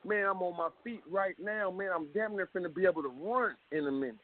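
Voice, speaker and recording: A man guest telling his story in an animated way, full of street slang and swearing, heard on a tinny phone line. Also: high-pitched, quick pace. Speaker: rapper guest. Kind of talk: phone interview.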